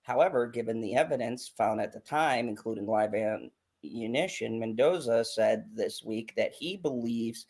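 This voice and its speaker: Male show host, mid pitch, reads headlines and swears loosely in casual chat. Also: normal speed, a little mellow. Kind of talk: casual profane news rant.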